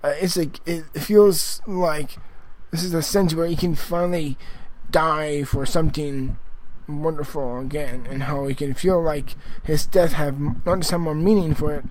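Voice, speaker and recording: A man talks through a movie review in a loose, rambling way. His voice sits a little high for a man. He stops and restarts often and swears for emphasis. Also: steady tone, a little slow, few pauses, darkish tone, a little hiss or hum, low-quality recording. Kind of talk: casual spoken movie review.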